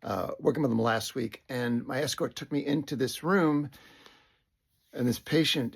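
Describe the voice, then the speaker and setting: A middle-aged man telling a personal story in a reflective way, often restarting and dropping into soft whispers. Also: mid-range voice, moderate pace, creaky, breathy edge.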